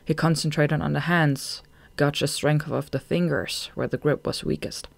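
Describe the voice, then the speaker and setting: An audiobook narrator reading a novel chapter in a measured way, slowing down at tense moments. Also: mid-range voice, steady tone, vocal fry, no echo.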